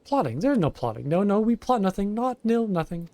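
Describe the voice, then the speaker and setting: A man voicing a small, frantic kobold creature who repeats words in shrill, excited bursts. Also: a little fast, no echo. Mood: indignant.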